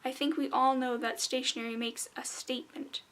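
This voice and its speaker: A woman's voice: sits high, steady tone, slow, creaky, a bit bright, full character voice. A woman voicing a proud, pompous male wind spirit who speaks indignantly and defensively.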